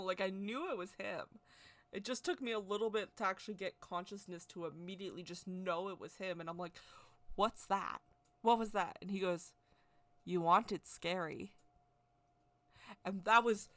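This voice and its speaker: A woman vlogger chatting straight to camera about a personal experience. Her voice sits at an ordinary middle pitch and sounds dry and close, with no room echo. She rambles, piles on "like," and gets excitable as she retells the story. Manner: chatty, rambling, heavy use of "like". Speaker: witchcraft vlogger.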